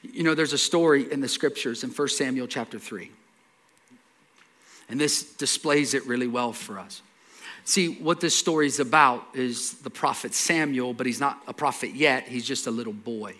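A man preaching a sermon, telling a scripture story with lively acted-out dialogue, repeating words and dropping into soft asides. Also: medium pitch, moderate pace. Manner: animated storytelling, acts out dialogue. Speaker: pastor.

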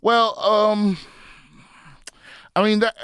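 A man's voice: high voice, level tone, drawn-out words, fairly bright tone, clean tone, dry recording. Stammering, blunt male podcast host. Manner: blunt and profane, stammers and restarts a lot. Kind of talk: casual chat, reading listener questions.

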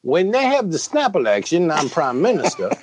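A man with a lively, swinging delivery rants with mock pomposity, straight-faced however silly the idea. The sound is dry and close, with no room around it. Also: fairly high pitch, brisk, husky, no room sound. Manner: pompous, deadpan absurd rants. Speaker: podcast co-host playing a blustering colonel. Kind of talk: comedic podcast banter.

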